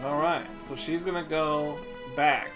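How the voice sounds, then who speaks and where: A man's voice: fairly high pitch, fairly even intonation, a little slow. A man streaming a video game, cracking crude jokes and laughing often in casual commentary. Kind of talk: casual let's-play commentary. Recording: live stream with game music behind.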